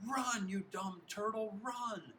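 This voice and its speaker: A man reading aloud, voicing an angry, bossy fourth-grade boy who yells and sneers at a teammate. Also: medium pitch, quick pace, slight background noise, lightly acted. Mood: screaming. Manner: loud, sneering, yelling.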